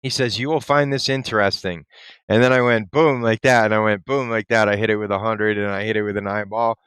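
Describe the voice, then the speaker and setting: A male host giving casual, excited commentary, chatty and quick to laugh. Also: fairly low pitch, clear, resonant tone, dry recording.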